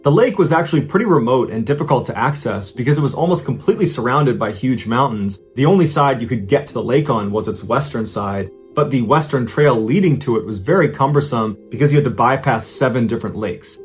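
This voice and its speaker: A man's voice: animated, soft background music. A man narrating a true disappearance story in a conversational, suspenseful way. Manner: conversational, builds suspense with rising pitch and slow pauses. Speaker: storyteller host.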